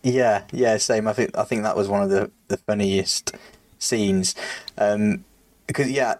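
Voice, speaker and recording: Man, low and even-voiced, relaxed and agreeable co-host; dry, close sound. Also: dry recording. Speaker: podcast co-host. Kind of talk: casual film discussion.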